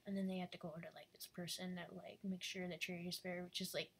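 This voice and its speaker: A woman's voice: lowish voice, level tone, fast, a bit bright, slightly rough. A woman chatting casually and rambling while she draws live, full of fillers and often dropping into a half-whisper. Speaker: animator drawing live.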